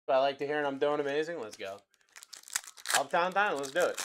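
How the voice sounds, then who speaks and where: A man's voice: on the high side, animated, a little fast, fairly bright tone. A young man hosting a live card-break stream, chatting with viewers in a hyped way as he calls out player names to buyers. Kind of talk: livestream card-break calling.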